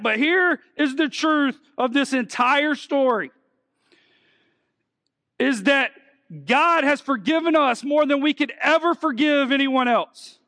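A man's voice: very high-pitched, a little slow, pushed and bright, in a large hall. A man preaching a sermon, earnest and repeating words as he builds his points. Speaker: pastor.

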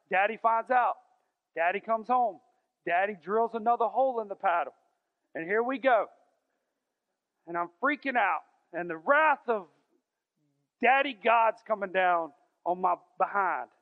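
A man, preaching a folksy, emphatic sermon to a church congregation and slowing down for scripture. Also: sits high. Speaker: pastor. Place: large church sanctuary. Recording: thin phone-like sound in a reverberant hall.

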